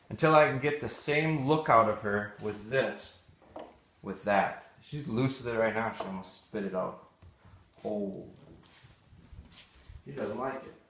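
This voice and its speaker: A man's voice: lowish voice, fairly bright tone. Man giving dog commands, distant and roomy. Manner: short firm commands to a dog between explanations. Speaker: dog trainer. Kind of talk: live training demonstration. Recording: distant mic, roomy echo, faint noise.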